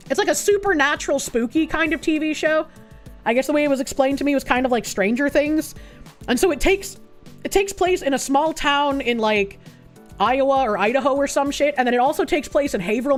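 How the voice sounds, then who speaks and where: A woman streamer giving blunt, profane, sarcastic commentary in casual chat. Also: a little high.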